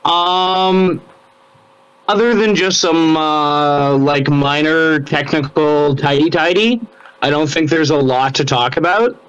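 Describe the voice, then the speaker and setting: A Canadian man speaking very slowly in a smooth, clear voice, laid-back in a casual chat. The recording sounds dull and lo-fi. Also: on the high side, fairly bright tone. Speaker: co-host reviewing painted miniatures.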